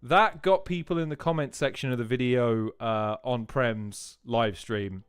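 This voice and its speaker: A man's voice: medium pitch, expressive, normal speed, hardly any pauses, clear, resonant tone, dry recording, soft background music. A man hosting a livestream, chatting and laughing as he reacts to battle rap clips and repeats lines for effect. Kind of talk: casual livestream commentary.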